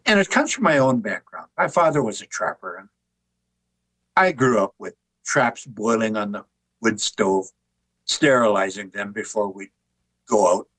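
An older man, an author and artist, telling relaxed anecdotes with wry humor in an interview. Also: lowish voice, measured pace, slightly rough, no echo, poor audio. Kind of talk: conversational interview storytelling.

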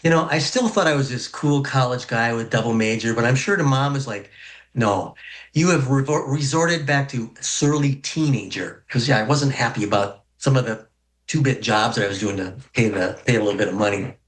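A man from North Dakota spins a humorous personal yarn with folksy ease. His pitch sits in the middle, and his pacing stretches and rushes for comic effect. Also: fairly bright tone. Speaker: storyteller. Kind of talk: personal story told to an audience.

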